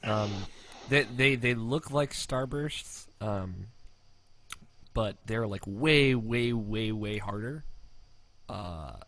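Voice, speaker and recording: A man's voice: lowish voice, slow pace, fairly bright tone, no echo. A man hosting a podcast in casual chat, reading listener mail, hesitant with many ums, swearing and laughing easily. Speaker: podcast host.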